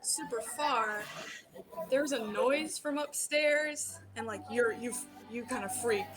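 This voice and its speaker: A woman's voice: fairly high pitch, slow, over music. A woman running a tabletop game as game master, narrating casually with lots of fillers.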